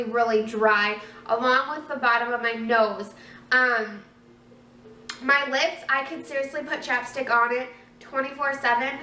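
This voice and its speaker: A young woman in her twenties talks through a casual vlog, rambling and chatty with plenty of fillers. Her voice sits high and sounds bright. The room is echoey, with faint ambient noise, and she is a little away from the mic. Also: distant mic. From Minnesota, USA. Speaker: vlogger. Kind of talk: casual pregnancy update vlog.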